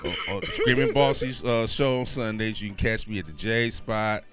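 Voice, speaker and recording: Slangy stand-up comedian on radio. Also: male voice, on the low side, normal speed. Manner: loose, slangy storytelling with laughs. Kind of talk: stand-up bit on a radio show.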